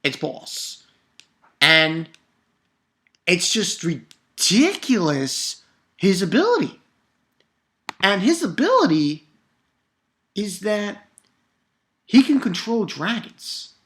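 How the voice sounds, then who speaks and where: Excitable male manga reviewer, casual and profane, prone to loud outbursts. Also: high-pitched, takes it slowly, long pauses.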